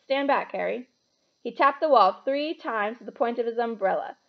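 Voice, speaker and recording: A woman reading a children's book aloud with expressive, animated storytelling. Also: fairly high pitch, fairly quick, lo-fi sound.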